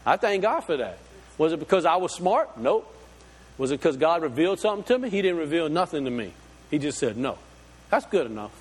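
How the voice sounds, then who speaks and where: Man, pastor, folksy sermon, rhetorical questions, fairly high voice. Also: very animated, brisk, husky, long reverb tail.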